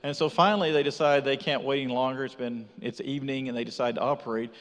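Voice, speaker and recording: A man's voice: mid-range voice, quick pace. A man from Texas giving his missionary testimony in church, telling the story with energy and acting out what people said. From Texas, USA. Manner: animated storyteller acting out dialogue. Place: church sanctuary. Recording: reverberant church hall.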